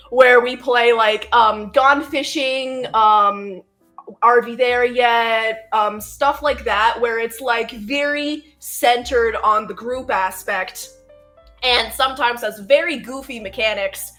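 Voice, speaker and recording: An excited woman guest explains her channel in a casual interview. Her voice sits a little high, she fills her sentences with ums, and faint music runs beneath her. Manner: excited, many filler ums. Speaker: guest, channel lore master.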